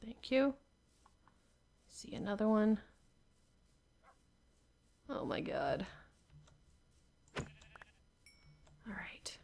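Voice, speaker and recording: A woman's voice: mid-range voice, very animated, very slow, gravelly, pauses often. A young woman talking to herself while playing a survival game, often laughing and grumbling in exasperation. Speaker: gamer. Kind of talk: Minecraft gameplay commentary.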